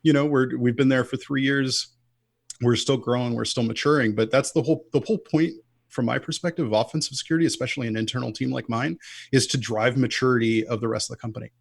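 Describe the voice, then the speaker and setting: A man speaks as a podcast guest in a relaxed, rambling way, padding his points with filler words. His voice is gravelly with fry at the ends of phrases, and the sound is dry and close with no room around it. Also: mid-range voice, quick pace, dry recording. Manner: loose and chatty, frequent "like" fillers. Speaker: podcast guest, offensive security lead. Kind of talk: casual conversational chat.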